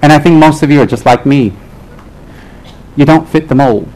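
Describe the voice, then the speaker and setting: Animated, joking lama. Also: male voice, on the high side, normal speed, low-quality recording. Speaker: Buddhist lama teaching his group. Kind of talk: live humorous dharma talk to an audience.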